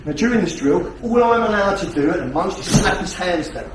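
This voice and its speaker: Blunt, swearing instructor in an echoey hall. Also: male voice, sits high, animated, a little fast, noisy background. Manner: blunt, heavily profane, rhetorical questions. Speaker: self-defence instructor. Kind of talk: teaching a class. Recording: echoey hall, distant mic.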